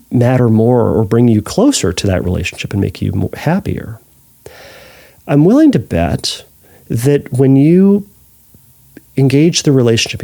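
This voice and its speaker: Male therapist host, gravelly mellow voice, measured advice, restarts often. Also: medium pitch. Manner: thoughtful, with frequent restarts and self-corrections. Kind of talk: answering a listener's question.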